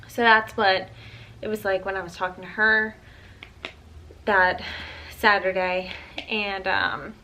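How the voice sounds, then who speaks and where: A woman's voice: mid-range voice, vocal fry, pushed and bright, a little hiss or hum. A woman in her twenties chatting casually to camera in an earnest way, with many likes and ums as she tells a personal story. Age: 20s. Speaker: vlogger.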